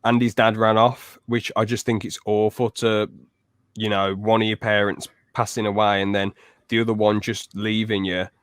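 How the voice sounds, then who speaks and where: A young man hosting a podcast in casual chat, telling stories lively and acting out quotes. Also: fairly low pitch, moderate pace, clear, resonant tone, dry recording, clean studio sound. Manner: lively storyteller who acts out loud quotes. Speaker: podcast host.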